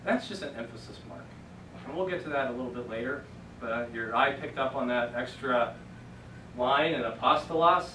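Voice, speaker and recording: A man's voice: mid-range voice, moderate pace, background noise. A man teaching Greek to a class, explaining patiently step by step in a casual lecture. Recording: echoey classroom from a distant camera.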